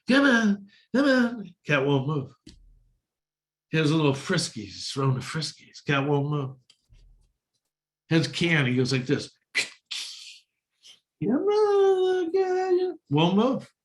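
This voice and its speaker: A man speaking as a guest speaker, telling a story to a meditation group, with quick acted-out quotes. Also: mid-range voice, rough recording. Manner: animated anecdote with quick acted-out quotes of others.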